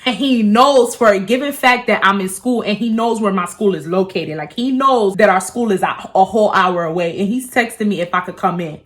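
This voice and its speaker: A young woman, telling a casual storytime vlog in a profane, animated way and acting out what people said. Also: medium pitch, brisk, hardly any pauses. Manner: animated, profane, acts out quotes.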